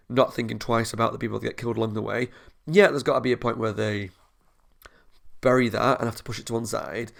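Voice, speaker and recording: A man's voice: medium pitch, creaky. A young man hosting a TV reaction video, chatting in an enthusiastic, rambling way. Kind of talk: casual recap to camera.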